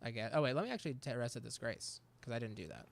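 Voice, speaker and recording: A man's voice: medium pitch, expressive, rapid-fire, creaky, a little hiss or hum. Chatty man laughing through gameplay. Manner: chatty, laughs often, talks back at the game. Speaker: gameplay streamer. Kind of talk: casual gameplay commentary.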